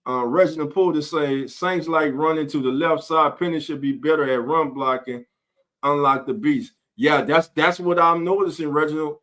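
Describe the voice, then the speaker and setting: A man's voice: fairly high pitch, pushed and bright. A man hosting a casual live-stream sports talk show, greeting viewers in chat by name.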